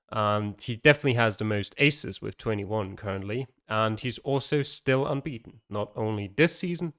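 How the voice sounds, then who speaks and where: Low-voiced man co-commentating a game. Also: fairly bright tone. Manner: chatty, self-correcting, laughs easily. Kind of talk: casual esports commentary.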